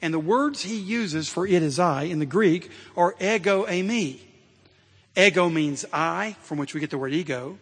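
Pastor guy preaching loud and emphatic, kinda high husky voice, big echoey church sound. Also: normal speed. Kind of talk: sermon.

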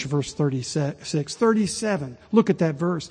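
A man preaching a sermon as pastor, rising to impassioned pleading and dropping low and slow. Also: warm tone, husky. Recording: long reverb of a large hall.

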